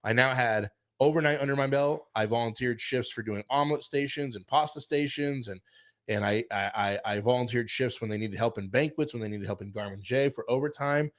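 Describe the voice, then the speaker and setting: A middle-aged man telling a casual career story, animated, acting out quotes and saying "like" a lot. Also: medium pitch, brisk. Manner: animated, acts out quotes, many fillers like "like". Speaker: chef and show guest telling his career story.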